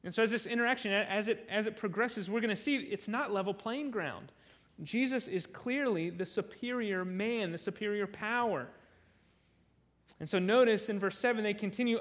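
A man's voice: high-pitched, normal speed, a bit bright. A man preaching a sermon through a Bible passage, earnest and conversational, often repeating words as he restarts a sentence.

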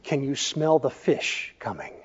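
A male pastor preaching a sermon, telling stories in a measured way and putting questions to the congregation. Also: medium pitch, animated, slightly rough. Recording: echoey church hall, dull lo-fi sound.

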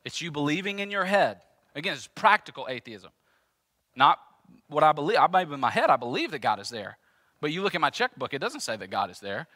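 A man's voice: a little high, sharp tone, dry recording. A man pastor preaching a sermon in an emphatic, repetitive, conversational way.

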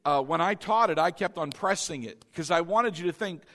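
A male pastor preaching a sermon in an animated way, calling on the congregation to repeat phrases after him. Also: a little high, a little fast.

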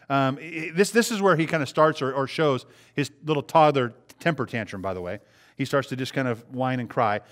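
A man preaching a sermon in a conversational way, asking the congregation rhetorical questions and acting out short quotes. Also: on the high side. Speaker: pastor.

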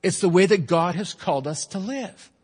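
A man preaches to his congregation in a husky, slightly raised voice. He talks to them like friends, then pushes his points home with force. The long reverb of a large church trails each phrase. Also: high-pitched, normal speed, darkish tone. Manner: conversational preaching, swelling to emphatic peaks, joking asides to the congregation. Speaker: pastor. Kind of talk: sermon. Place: church sanctuary.

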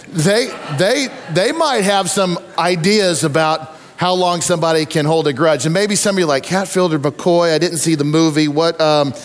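A man preaching a sermon, telling stories with lively acted-out voices and asides to the congregation. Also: high-pitched, long reverb tail. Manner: animated storytelling with acted-out voices. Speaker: pastor.

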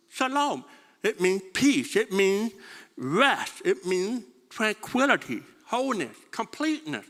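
A man's voice: high voice, bright, forceful tone, long reverb tail. A man preaching a sermon, stumbling over repeated words and asking his congregation questions. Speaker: pastor.

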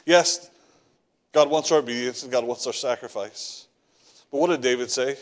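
A man's voice: medium pitch, moderate pace. A man preaching a sermon, reading scripture and acting out the prophet's prayers, repeating words as he builds each point. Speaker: pastor.

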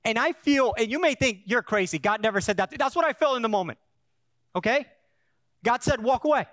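High-voiced pastor preaching in a dry room. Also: male voice, expressive, fairly quick, a bit bright, dry recording. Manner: conversational storytelling with frequent restarts; builds to emphatic preaching. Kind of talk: sermon. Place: church.

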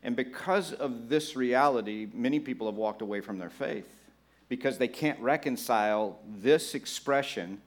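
A male preacher delivering a sermon in a mid-pitched voice. He talks easily with his congregation and jumps into animated impressions of churchgoers. His delivery swings between playful banter and quieter, earnest stretches. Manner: conversational with the congregation, laughs along. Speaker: pastor.

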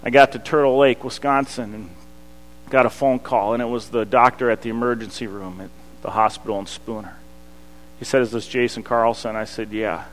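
A pastor, preaching a sermon that swings from loud to hushed. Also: male voice, medium pitch, fairly even intonation, moderate pace. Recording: long hall reverb.

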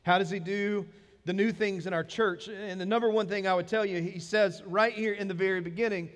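High-voiced Southern preacher in a reverberant hall. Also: male voice, steady tone, a little fast. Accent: Southern American. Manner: conversational preaching, rising to emphatic. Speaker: pastor. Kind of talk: sermon. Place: church sanctuary.

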